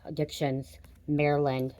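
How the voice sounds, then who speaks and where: A woman's voice: deep voice, level tone, unhurried, mellow, slight background noise. A woman giving a casual tarot reading, chatting straight to her viewers and swearing when surprised. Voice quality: frequent swearing exclamations. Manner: chatty, addresses viewers directly. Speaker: tarot reader.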